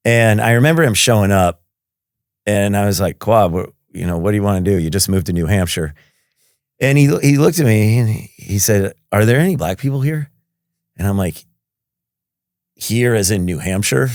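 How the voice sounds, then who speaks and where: A man's voice: on the low side, normal speed, pauses often, no room sound, clean studio sound. A middle-aged man, a surgeon guest in an interview, telling anecdotes casually and acting out dialogue with frequent laughter. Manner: lively storyteller who acts out dialogue and laughs often.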